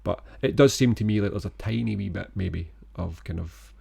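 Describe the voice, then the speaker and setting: A man co-hosting a podcast, chatting about a film in a relaxed, rambling, enthusiastic way. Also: lowish voice, moderate pace, gravelly, breathy edge. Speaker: podcast co-host. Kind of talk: casual film-review chat.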